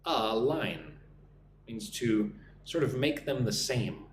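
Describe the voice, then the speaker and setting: A man teaching English on a live stream, drilling pronunciation slowly and deliberately and thanking viewers by name. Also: medium pitch. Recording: roomy echo with faint hum.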